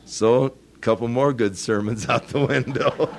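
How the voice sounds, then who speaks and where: An older male pastor delivers a sermon in a relaxed, storytelling way, chuckling between points. He builds to firm, earnest emphasis when he drives a point home. His pitch sits in a middle range for a man. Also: measured pace, gravelly.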